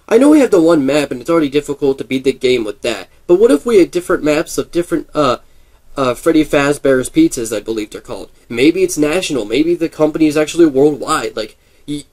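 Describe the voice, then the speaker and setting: A man's voice: a little high, a little mellow. A man in casual gaming commentary, rambling and thinking aloud with many fillers and restarts. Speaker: gaming video creator.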